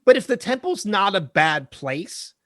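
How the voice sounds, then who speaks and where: A podcast co-host with a high voice chats casually at an unhurried pace, rambling and correcting himself as he spins his theories in an animated way. The recording is studio quality with no echo.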